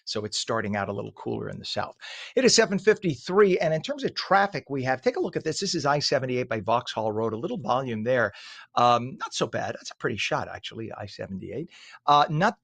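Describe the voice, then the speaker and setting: A man's voice: mid-range voice, big pitch swings, brisk, vocal fry, fairly bright tone, slightly rough, dry recording. A man hosting a morning radio show, reading traffic and news with blunt, opinionated asides in a casual way.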